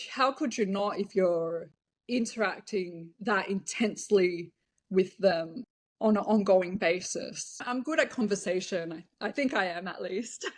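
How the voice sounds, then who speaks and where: A woman talking candidly as an interview guest, telling her stories openly. Her voice sits at a middle pitch and her delivery is relaxed and conversational, with hesitant fillers along the way. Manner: frank, laughs now and then, hesitant fillers. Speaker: interview guest, former cam model.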